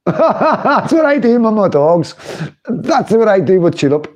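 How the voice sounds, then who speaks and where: A middle-aged man talks into his livestream in a loose, rambling way, laughing often and mocking what he's watching. His voice sits a little high for a man. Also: sing-song, slow, a little mellow. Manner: chatty, laughing, mocking political commentary. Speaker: livestream host. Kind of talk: casual livestream talk.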